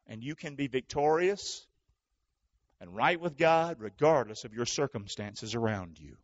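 A male pastor preaching a sermon to his church, calling for responses and swinging between shouting and hushed talk. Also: mid-range voice, animated, measured pace, highs cut off.

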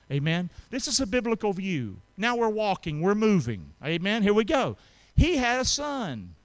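A man preaching a sermon, calling out to the congregation for responses and swinging between loud emphasis and quiet asides. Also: a little high. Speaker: pastor.

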